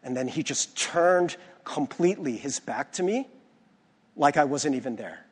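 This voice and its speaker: In a church sanctuary whose long hall reverb fills the recording, a young adult pastor from the US shares personal stories, frequently restarting as he speaks conversationally. He sounds somewhat high, animated, and unhurried, with a breathy edge.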